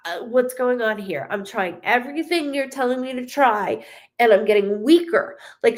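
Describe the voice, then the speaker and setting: A woman medium doing a live reading, talking in an emotional, rambling way with many fillers as she relays spirit messages. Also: a little high. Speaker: psychic medium.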